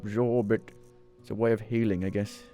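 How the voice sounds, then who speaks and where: A man's voice: lowish voice, flat delivery, normal speed, warm tone, soft background music. A man streaming a game, casually commenting, thinking aloud and swearing now and then.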